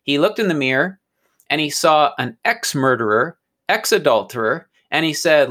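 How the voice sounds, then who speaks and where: A man's voice: on the high side, lively intonation, normal speed, fairly bright tone. A man teaching from a psalm in an earnest, conversational way, sometimes stumbling over and repeating small words.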